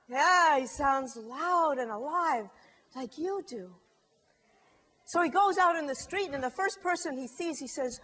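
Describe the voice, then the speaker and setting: A middle-aged woman telling a story to a live audience, lively and expressive, acting out the characters. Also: high-pitched, normal speed. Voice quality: lively, acts out characters with shifting voice.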